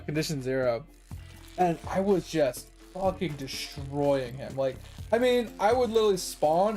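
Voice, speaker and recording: A man's voice: a little high, dark tone. A man streaming games, telling a long rambling story from his childhood with lots of swearing and laughter. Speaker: gaming streamer. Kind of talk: casual storytelling on a game stream.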